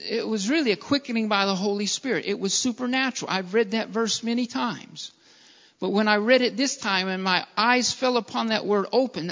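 A man's voice: high voice, sharp tone. A man preaching a sermon in an earnest, repetitive style and often calling his listeners beloved. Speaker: pastor. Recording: dull lo-fi sound with long hall reverb.

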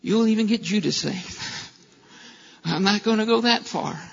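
A pastor with a high, husky voice delivers an impassioned sermon full of rhetorical questions, at a measured pace and with a somewhat bright tone. The recording has a long hall reverb from the echoing space and a dull, lo-fi sound.

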